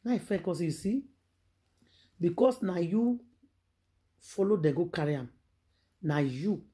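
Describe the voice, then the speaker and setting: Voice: medium pitch, dark tone. A vlogger with a Nigerian accent telling celebrity gossip as dramatic storytelling, emphatic and preachy, full of rhetorical questions.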